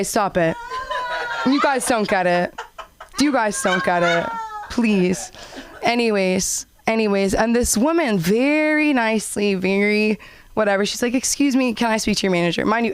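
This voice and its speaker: A young woman doing a stand-up comedy set and hosting an open mic, animated and acting out characters in high voices. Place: comedy club stage.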